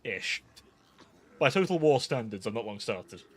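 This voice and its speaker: A man's voice: mid-range voice, big pitch swings, measured pace, a little hiss or hum. Chatty British man streaming a game. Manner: chatty, thinks aloud, self-interrupting. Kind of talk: live gameplay commentary.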